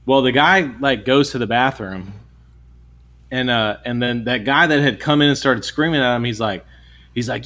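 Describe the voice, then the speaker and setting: A man's voice: mid-range voice, moderate pace. A man, co-hosting a casual podcast and telling a story with lots of swearing and acted-out voices. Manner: animated, swears a lot, acts out voices when retelling. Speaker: podcast co-host.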